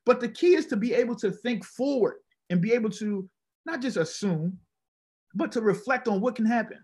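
A man with a high, husky voice speaks as a podcast guest, telling stories in an animated way. His voice has a breathy rasp to it, and he jumps into character when he quotes people in his stories. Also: normal speed. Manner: animated, acts out quoted dialogue. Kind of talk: casual conversational storytelling.

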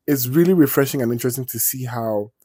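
A man's voice: medium pitch, quick pace, dark tone, breathy edge, no echo, studio quality. A man talking casually as a vlogger, retelling a story in a chatty, digressive way and swearing freely.

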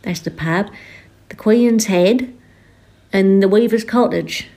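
A woman with a broad West Suffolk accent chats away as a podcast co-host. She giggles often and drops into local dialect grammar. Her pitch sits in the middle for a woman. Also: slow, dark tone. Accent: West Suffolk English. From West Suffolk, England. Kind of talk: casual chat.

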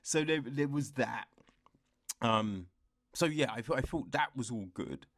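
Slow-talking man in a chatty book review. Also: medium pitch, animated, fairly bright tone, dry recording, studio quality. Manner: rambling, chatty, with frequent laughs and quoted asides. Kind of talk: casual chat.

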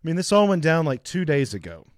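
A man's voice: a little high, sing-song, fast, no echo, studio quality. A man in his thirties co-hosting a podcast, telling long rambling stories with frequent laughs. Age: 30s. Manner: rambling storyteller, laughs often. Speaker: podcast co-host. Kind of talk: casual chat.

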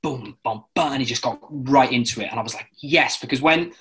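A man from London with a British accent, a guest chatting casually and telling rambling, lively anecdotes with tangents. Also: mid-range voice, quick pace, poor audio. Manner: lively storyteller who acts out other people's voices in his anecdotes; rambling, with frequent restarts and tangents. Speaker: guest, musical theatre actor.

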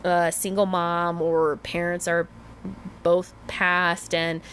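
A woman's voice: slow, a little hiss or hum. Chatty young woman podcaster. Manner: chatty and animated, says "like" a lot; swears casually and jumps to squealing highs. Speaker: podcast host. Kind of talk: casual chat.

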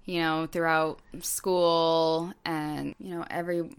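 A woman co-hosting a podcast tells a story during casual chat, speaking at an unhurried, drawn-out pace in a smooth, clear, slightly low voice. Her delivery is flat, and she fills her sentences with lots of ums and likes.

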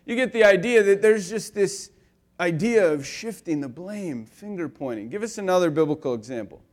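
A male pastor giving a conversational sermon, telling stories with lively swings between loud and quiet and filling his talk with "like" and "you know.". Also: high-pitched, moderate pace. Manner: animated storyteller, swinging between loud and soft; casual, with frequent "like" and "you know".

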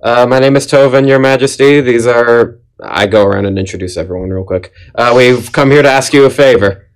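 A polite man playing a tabletop game. He speaks in a courtly, even tone. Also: mid-range voice, a little fast, low-quality recording. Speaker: player. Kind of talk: casual tabletop game chat.

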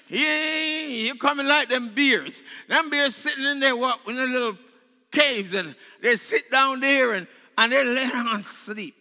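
A male pastor preaching a sermon, leading his congregation in call and response and swinging between loud shouts and hushed tones. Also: very high voice, a little slow, big-room sound, soft background music. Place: church sanctuary.

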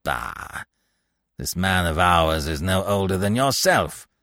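Gruff middle-aged sergeant, low and brusque; voiced by the male narrator. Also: expressive, slow pace, pushed and bright, no echo, studio quality, exaggerated voice. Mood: businesslike.

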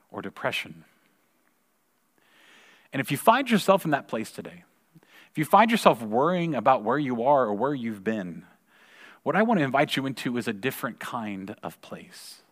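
A man in his forties giving a sermon, telling a personal story in a conversational way and repeating words when excited. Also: medium pitch, normal speed. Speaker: pastor. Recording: long reverb of a large hall.

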